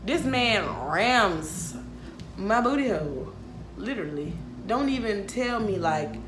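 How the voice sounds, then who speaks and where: A woman in her twenties telling a storytime vlog, animated, frank and profane, laughing often. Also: fairly high pitch, roomy sound, noisy background. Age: 20s. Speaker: vlogger. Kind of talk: casual storytime monologue.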